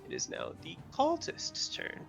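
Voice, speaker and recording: Brief: male game master, gravelly, fairly high-pitched, laid-back and halting, faint music behind. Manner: relaxed, halting with many fillers. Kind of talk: narrating a tabletop game.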